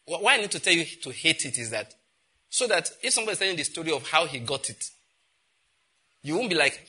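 A middle-aged Nigerian man preaching a sermon, telling stories and acting out conversations in an animated way. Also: fast talker, long pauses, breathy edge. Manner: animated storytelling, acts out exchanges with rising pitch and laughter. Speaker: pastor.

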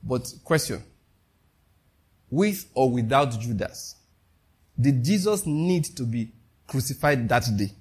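Husky-voiced preacher. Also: male voice, medium pitch, slow, pauses often. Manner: rhetorical questions, animated, laughs at own jokes. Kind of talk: sermon.

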